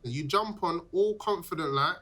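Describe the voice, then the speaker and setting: A man's voice: a little high, moderate pace, sharp tone. Brash hype-man mate. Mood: hyping. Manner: brash, encouraging. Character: cocky young British mate giving pep talk. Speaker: friend. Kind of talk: game voice acting.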